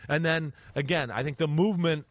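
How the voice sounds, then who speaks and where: A man hosting a sports podcast in casual chat, animated and acting out quarterback reads with sound effects. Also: on the high side, a little fast, no room sound. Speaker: podcast host and quarterback analyst.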